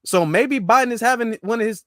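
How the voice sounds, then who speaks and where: A male commentator reacts to the news in a mocking, slangy, animated way. His voice sits high. The sound is dry and close. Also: fairly quick, no echo. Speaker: political commentator. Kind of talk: casual political commentary.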